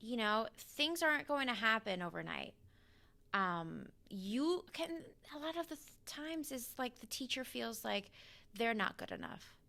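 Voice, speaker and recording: A woman's voice: on the high side, expressive, measured pace, vocal fry, sharp tone. A woman guest on a podcast, an educator speaking in an earnest, reflective way in casual conversation.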